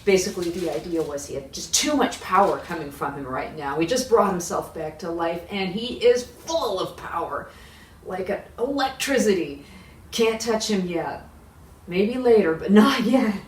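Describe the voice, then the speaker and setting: A woman leading children's worship, telling a Bible story with big expressive swings, recorded in a roomy space from a distance. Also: on the low side, normal speed. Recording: echoey room, distant mic, faint hiss.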